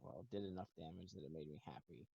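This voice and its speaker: A man's voice: deep voice, fast, vocal fry, dark tone, breathy edge, highs cut off. A man playing in a live tabletop game, describing his character's actions with playful energy. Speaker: player. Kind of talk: casual game table talk.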